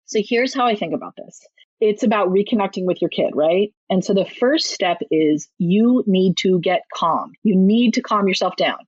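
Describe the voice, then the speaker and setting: A woman's voice: animated, moderate pace, darkish tone, breathy edge, no room sound, lo-fi sound. A woman parenting author, a podcast guest, talking in a chatty, emphatic way. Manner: chatty, emphatic, acts out quotes in a higher voice. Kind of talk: podcast interview.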